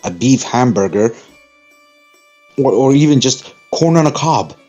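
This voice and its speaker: A man co-hosting a podcast, telling stories in casual chat with halting restarts and chuckles. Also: mid-range voice, expressive, warm tone, lo-fi sound, soft background music. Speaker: podcast co-host.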